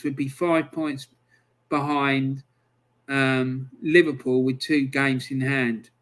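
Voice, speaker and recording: Slow-talking bright-voiced man. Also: on the high side. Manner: chatty, exasperated, banter-laden. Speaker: football channel host. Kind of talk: solo football review talk.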